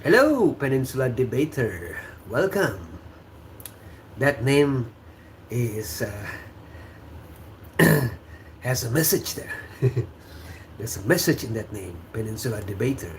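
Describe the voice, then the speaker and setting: A man with an Indonesian accent hosts a relaxed livestream chat, reading comments aloud. He speaks slowly and chuckles often, filling gaps with fillers. His voice sits at a middle pitch over faint background noise. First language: Sundanese. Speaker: host.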